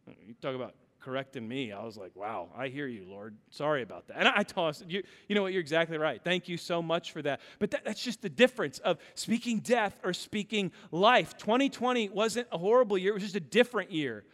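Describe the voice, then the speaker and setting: A man in his thirties preaching a sermon as pastor, telling stories with animated swings from loud to hushed. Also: high-pitched, brisk, hardly any pauses. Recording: long hall reverb.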